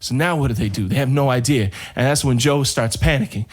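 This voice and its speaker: A male podcast co-host spins a long shaggy-dog story in a casual, drawn-out way. His voice sits at an ordinary middle pitch. He lets the tale build slowly toward its punchline.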